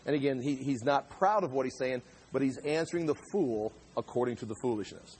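Husky-voiced man preaching verse by verse. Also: mid-range voice, brisk, hardly any pauses, a little mellow. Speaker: pastor teaching a Bible study. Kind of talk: conversational sermon teaching.

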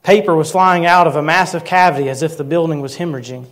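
A man in his thirties preaching a sermon, telling a personal story earnestly and slowing down to stress key words. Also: a little high, steady tone, a bit bright. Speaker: pastor.

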